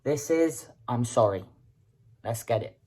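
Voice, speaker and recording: Brief: very low husky woman, reaction host, halting thinking-aloud delivery. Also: lively intonation, dark tone. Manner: halting, repeats words while thinking aloud. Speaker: music reaction video host. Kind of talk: casual reaction commentary.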